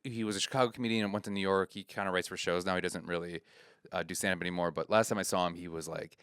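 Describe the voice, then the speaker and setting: A man's voice: deep voice, rapid-fire, smooth, no echo, clean studio sound. A man guesting on a casual podcast, telling stories and acting out the voices in them. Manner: acts out voices in anecdotes, animated. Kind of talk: casual chat, storytelling. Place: Chicago.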